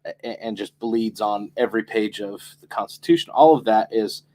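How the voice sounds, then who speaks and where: A man's voice: fairly low pitch, a little fast, darkish tone. A man co-hosting a studio talk show, mostly giving short agreeing replies and laughing along, with some "uh" fillers when he makes a longer point. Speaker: co-host. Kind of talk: casual talk-show conversation.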